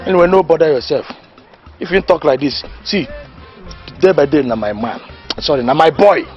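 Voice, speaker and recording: An actor playing a boastful, know-it-all village man who lectures his friend in Nigerian Pidgin, loud and laughing at his own jokes. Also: a little high, normal speed, dull audio, soft background music, natural voice. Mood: lecturing. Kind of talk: comedy film acting.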